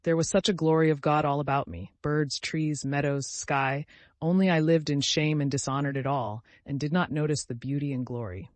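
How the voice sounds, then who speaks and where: A man voicing a gentle, feverish dying young man who talks tenderly and with rapture, in an audiobook. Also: fairly high pitch, fairly even intonation, moderate pace, no echo, natural voice. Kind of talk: audiobook character voice.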